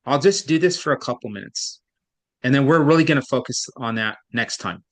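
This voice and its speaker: A man's voice: mid-range voice, fairly quick. A man tutoring a student in reading, explaining patiently and at length, with frequent restarts. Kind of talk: one-on-one online tutoring.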